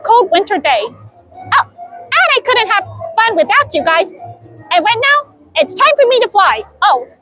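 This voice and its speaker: A young woman with a very high, bouncy voice chats in a giggly, gushing way. Her pitch swings widely, and faint music plays behind her. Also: fairly bright tone. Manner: giggly and gushing, with frequent laughs. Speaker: vlogger. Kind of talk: excited theme-park vlog chat. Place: outdoor theme park.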